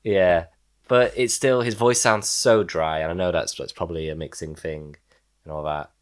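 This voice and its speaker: A man co-hosting a podcast, giving his opinions on an album in a measured, hesitant way, often pausing on ums and likes. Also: deep voice, steady tone, smooth. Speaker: podcast co-host. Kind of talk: casual album review chat.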